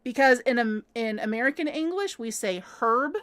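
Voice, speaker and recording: A woman's voice: fairly high pitch, animated, fairly quick. A woman chatting casually on a home livestream while crocheting, giggling often and reading viewers' comments aloud. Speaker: livestream host.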